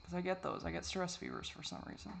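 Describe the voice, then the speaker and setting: A man talking in a confessional vlog, halting and repetitive, swearing often, and shifting between distress and soft, wry self-deprecation. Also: high-pitched, huge pitch swings, vocal fry, slight background noise. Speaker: vlogger.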